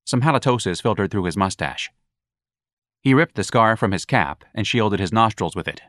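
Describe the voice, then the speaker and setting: Male audiobook narrator, low register, dry close recording, wry measured delivery. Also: animated, fairly bright tone, no echo. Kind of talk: scripted narration.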